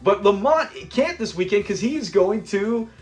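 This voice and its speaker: A man's voice: high-pitched, lively intonation, unhurried, darkish tone, soft background music. A man hosting a casual episode breakdown. He talks with enthusiasm and acts out the lines he quotes. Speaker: show host.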